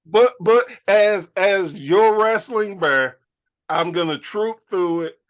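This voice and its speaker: A man co-hosting a casual wrestling talk show who talks slowly and dramatically. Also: high-pitched. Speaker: co-host.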